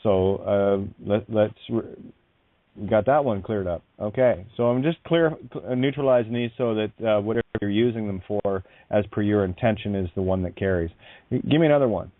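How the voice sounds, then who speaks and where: A man hosting a call-in radio show, musing aloud in a halting way with many fillers and restarts. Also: fairly low pitch, no echo. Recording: dry phone-line sound.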